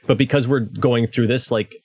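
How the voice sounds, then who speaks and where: A man's voice: medium pitch, fairly even intonation, normal speed, a little mellow, no echo. Chatty man asking questions, dry sound. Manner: chatty and questioning, with stammering restarts. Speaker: podcast co-host. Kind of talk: casual book discussion.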